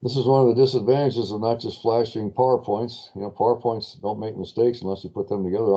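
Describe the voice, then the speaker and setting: Low-voiced man teaching finance. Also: steady tone, quick pace, hardly any pauses, warm tone, lo-fi sound. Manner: chatty, self-correcting, asks class questions. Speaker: finance lecturer. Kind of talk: live spreadsheet lecture.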